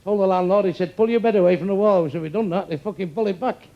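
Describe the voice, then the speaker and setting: An older comedian works the crowd with crude insults and quick one-liners. His voice is gravelly and sits high for a man. The live club recording carries a lot of room noise. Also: muffled recording. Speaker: stand-up comedian. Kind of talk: stand-up crowd work. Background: audience laughter.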